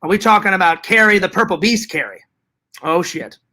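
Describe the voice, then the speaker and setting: This live stream host has a high voice and talks a little fast. In a casual setting, he reads the chat aloud and answers in an animated, profane way, often saying the same things again.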